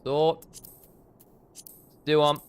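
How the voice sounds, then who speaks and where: A man's voice: on the high side, little pitch movement, extremely slow, faint music behind. A man streaming a game and muttering commentary to himself as he plays. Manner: muttering to himself while playing. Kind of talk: gameplay commentary.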